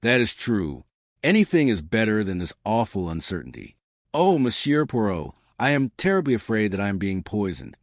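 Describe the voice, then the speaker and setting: A man's voice: on the low side, sing-song, moderate pace, dry recording, clean studio sound. Man reading as a frightened, pleading wife. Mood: anxious. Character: frightened middle-aged wife, anxious, indignant. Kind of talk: audiobook reading.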